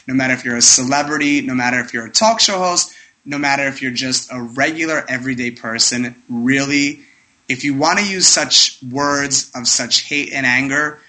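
A very bright, forward-sounding man behind a radio talk show mic, warmly gushing through his shout-outs and plugs. He rambles in a casual, chatty way, then turns earnest when telling his listeners how to behave. His delivery sits at an everyday pitch but cuts through with a sharp, ringing tone. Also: moderate pace, poor audio.

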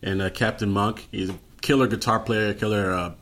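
A man's voice: fairly low pitch, fairly even intonation, brisk, fairly bright tone. A male musician guest talking casually about his record, laid-back and trailing off with fillers. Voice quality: smooth singing voice. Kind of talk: casual chat after a live song.

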